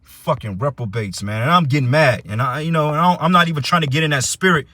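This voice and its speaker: A man's voice: fairly high pitch, animated, quick pace, bright, forceful tone, no room sound. A man teaching for a religious camp, giving a heated, profane preaching rant that reads and explains scripture.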